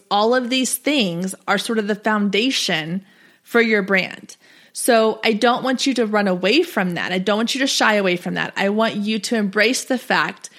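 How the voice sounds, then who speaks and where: A woman's voice: medium pitch, fairly bright tone. A woman in her thirties hosting a solo podcast, coaching small business owners in a chatty, direct and encouraging way.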